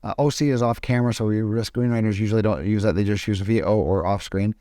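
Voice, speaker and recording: A man teaches film production in a relaxed tutorial, talking over his screen. His voice sits a little low and sounds dry and close, with no room around it. He halts often and restarts his sentences as he explains. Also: quick pace, no echo. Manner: hesitant, with frequent restarts. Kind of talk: casual screen-recorded tutorial.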